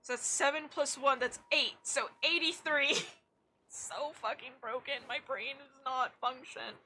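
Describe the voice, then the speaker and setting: A woman's voice: high-pitched, measured pace, sharp tone, slight background noise. A young woman streaming a game, chatting casually, swearing freely and poking fun at herself. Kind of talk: casual gameplay chat.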